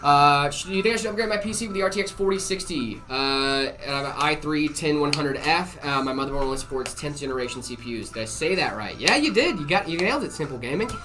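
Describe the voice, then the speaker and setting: A man's voice: fairly high pitch, fast, hardly any pauses, over music. A man hosting a live stream, casually answering viewer questions with lots of "uh" and "um" and easy jokes. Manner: relaxed, full of "uh" and "um" fillers, jokey.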